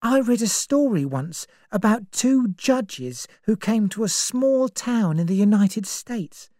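A woman's voice: medium pitch, lively intonation, slow pace, warm tone, dry recording, studio quality, voice pushed up. A woman voicing a frightened young woman in an audiobook reading, speaking anxiously and pleadingly. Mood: uneasy. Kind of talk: storybook reading.

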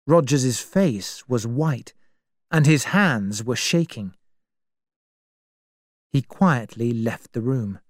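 Slow, clear storybook narrator with an animated read. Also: medium pitch, no echo, studio quality. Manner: very slow, clear, expressive reading. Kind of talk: reading a story aloud.

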